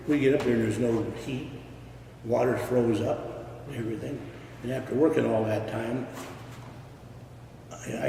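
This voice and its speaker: An older man from Michigan spins his stories bluntly, cursing freely. His voice is mellow and unhurried. It comes from a distance, with a long ring of room echo and faint hiss behind it. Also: medium pitch, vocal fry. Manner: salty storytelling with swearing. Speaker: retired railroad worker. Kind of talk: oral history interview.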